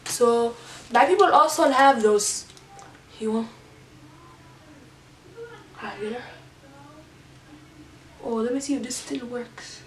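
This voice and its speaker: A middle-aged woman talks through a makeup challenge in a halting, rambling, playful way. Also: on the high side. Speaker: mother doing a makeup challenge. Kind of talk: casual makeup tutorial. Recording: roomy echo, a little distant from the mic, faint background noise.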